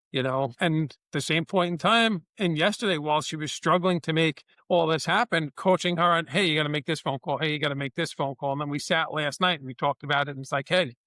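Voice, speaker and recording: Animated storytelling business owner. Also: male voice, fairly high pitch, dry recording. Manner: animated, acts out dialogue in his anecdotes. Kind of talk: conversational storytelling.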